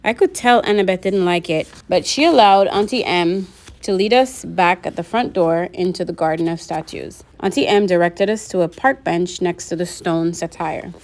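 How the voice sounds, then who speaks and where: Woman, reads a novel aloud, steady first-person narration, lowish voice. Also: moderate pace. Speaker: reader.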